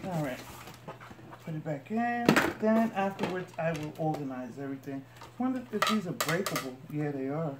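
With lively intonation and an unhurried pace, a woman whose voice sits on the low side casually narrates an unboxing for her couponing channel, showing each item to viewers. The room sounds echoey and noisy.

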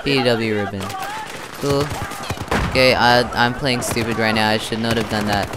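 A man's voice: mid-range voice, steady tone, normal speed, heavy background noise. A young man from Australia chatting his way through gameplay commentary, narrating his own moves as he plays. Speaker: gaming channel host. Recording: loud game gunfire behind voice.

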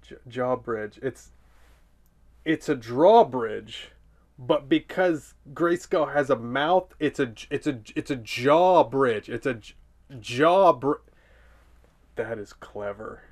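A man's voice: mid-range voice, expressive, slow. A man reading a children's storybook aloud for comedy, with sarcastic, playful asides.

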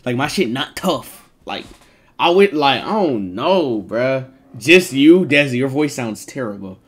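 A streamer man chatting live with his viewers, his voice sitting at an ordinary middle pitch. He jokes and banters in quick, slangy bursts, swearing freely as he asks his audience for advice. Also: husky. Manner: animated, joking, heavy slang and swearing.

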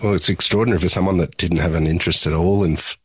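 Very deep, husky male podcast host. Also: steady tone, rapid-fire, dry recording. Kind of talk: interview questions.

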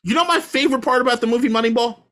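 A fired-up man ranting on a sports podcast, his voice bright and forceful. He swears freely and works himself into a lather, pushing each point hard. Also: very high-pitched, racing. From Washington, D.C. area. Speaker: podcast co-host. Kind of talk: casual sports talk.

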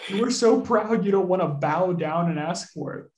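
A man putting on an enraged, bitter man who yells at his servant, his voice climbing high and straining louder. The reading carries a roomy echo, as though taken in a bare room. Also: moderate pace, lightly acted. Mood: furious. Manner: shouty, shaking with rage. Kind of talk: dramatic reading.

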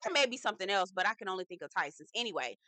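A woman's voice: medium pitch, expressive, rapid-fire, bright, forceful tone, dry recording. A woman hosting a reality TV recap, talking in a sassy, profane, gossipy way with lots of chatty asides. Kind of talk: casual gossipy commentary.

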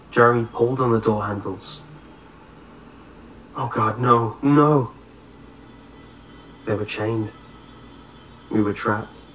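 A man narrating a scripted horror story in a slow, measured way. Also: lowish voice. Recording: roomy echo, faint hiss.

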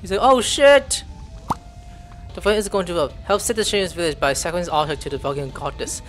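A young man playing a video game, reading its text aloud and reacting with excited outbursts. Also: on the high side, rapid-fire, music in the background. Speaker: gameplay streamer. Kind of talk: casual game commentary.

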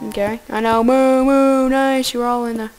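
A woman giving goofy, excitable casual gameplay commentary, talking to the animals in her game. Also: on the high side, brisk, smooth.

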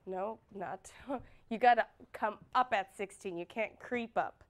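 A woman leading a children's dance class, praising warmly and counting beats aloud, at times loud and at times hushed. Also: mid-range voice, unhurried.

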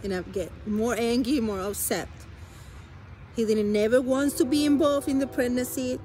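A woman's voice: fairly high pitch, steady tone, dark tone. Earnest woman. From Spanish-speaking country. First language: Spanish. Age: adult. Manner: earnest, halting, emotional storytelling. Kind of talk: personal testimony.

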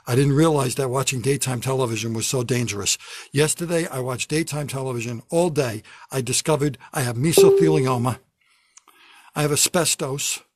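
A man's voice: medium pitch, breathy edge, no room sound, clean studio sound. An older man, a comedian, delivering a kvetching, self-mocking comedy rant from his basement at home. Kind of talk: stand-up comedy monologue.

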